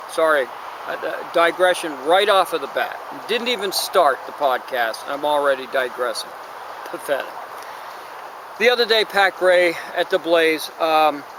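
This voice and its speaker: A man with a slightly high voice hosts his own podcast, talking in a loose, rambling way that keeps drifting into digressions. He sounds worn out and exasperated with what he is discussing. Steady traffic and city noise run clearly behind him. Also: rough recording. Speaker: podcast host. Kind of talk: casual monologue podcast.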